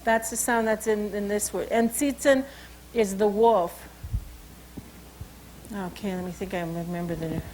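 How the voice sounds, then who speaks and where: A woman's voice: medium pitch, fairly even intonation, unhurried, pauses often, a little mellow, slight background noise, rough recording. A woman with a Salish accent, telling a traditional story and teaching animal names in a loose, informal way, often saying "you know" and "okay.". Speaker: cultural educator.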